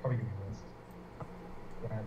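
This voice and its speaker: A man co-hosting a live stream who rambles excitably and swears freely in casual banter. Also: a little fast, a crowd in the background. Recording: echoey, dull, noisy remote audio.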